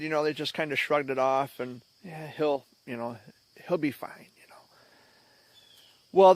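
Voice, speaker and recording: A man with a somewhat high voice tells a memory in a relaxed, reflective way, as though chatting with the viewer. The sound is close and dry, with no room echo. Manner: reflective, conversational. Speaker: vlogger. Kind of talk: casual storytelling.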